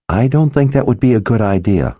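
A man's voice: medium pitch, lively intonation, fairly quick, warm tone, no room sound, studio quality, pitched above the performer's own voice, close to an everyday voice. Stern sorceress woman, voiced by a man. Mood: urgent, stern. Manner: grim authority, clipped and insistent. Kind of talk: audiobook character voice.

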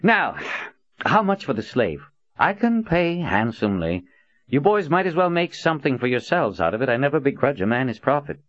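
A man's voice: mid-range voice, big pitch swings, moderate pace, a bit bright, no echo, pitched above the performer's own voice. A man voicing a grand, theatrical older male prophet who talks in a silky, mocking, commanding way. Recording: dull lo-fi audiobook recording.

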